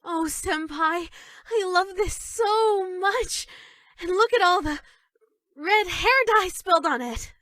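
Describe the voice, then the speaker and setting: A high-pitched, obsessive schoolgirl for a dating game, bashful and stammering one moment and quietly sinister the next. The recording is dry and close, with no room sound at all. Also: lively intonation, slow, no room sound, exaggerated voice. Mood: shy adoring. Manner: shy and stammering, with sudden dark menace. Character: obsessive yandere schoolgirl, sweet but creepy. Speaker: voice actress for a dating game character. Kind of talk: scripted game voice lines.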